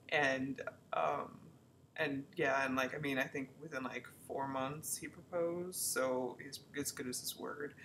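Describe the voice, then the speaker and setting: A young woman with a slightly lower voice tells a personal story straight to camera. She is frank and loose, leans on fillers and the odd swear word, and jumps into lively acted quotes. There is a faint hiss in the background. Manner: animated, acts out quoted lines. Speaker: romance author. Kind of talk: casual storytelling vlog.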